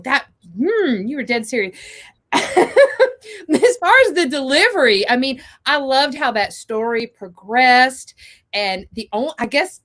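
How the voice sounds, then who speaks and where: A woman's voice: on the high side, fairly bright tone. Effusive woman judging a monologue contest. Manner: effusive, rambling, full of fillers like "you know". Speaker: host and judge of a monologue contest. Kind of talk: giving feedback to a contestant. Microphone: video call.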